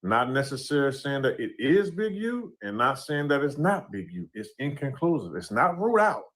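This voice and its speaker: A man's voice: medium pitch, big pitch swings, moderate pace, a bit bright. A man giving casual commentary on a court case, talking loosely and often adding "you know what I'm saying".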